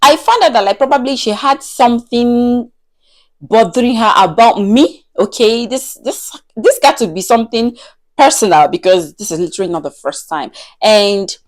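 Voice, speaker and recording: A woman tells a story to camera in a chatty, animated vlog style, her speech full of "like". Her voice sits fairly high and leaps around lively as she talks. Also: normal speed. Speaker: vlogger. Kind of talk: casual storytime chat.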